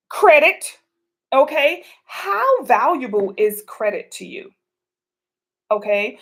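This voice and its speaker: A woman's voice: high voice, takes it slowly, sharp tone. A woman hosting a casual advice vlog, talking chattily to viewers with colloquial asides as she answers their questions. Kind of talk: casual relationship advice talk.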